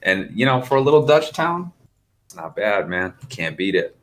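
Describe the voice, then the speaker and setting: A man's voice: fairly low pitch, very animated, moderate pace, a bit bright. An American man chatting as a podcast guest, easygoing, laughing often and swearing freely. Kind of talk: casual podcast chat.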